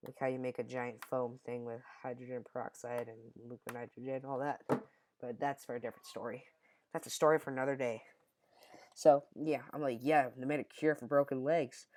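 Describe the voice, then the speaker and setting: A man's voice: medium pitch, little pitch movement, fairly quick, a little mellow, a little hiss or hum. A young man telling a childhood story in a casual, rambling way, often correcting himself mid-sentence. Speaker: storyteller vlogger.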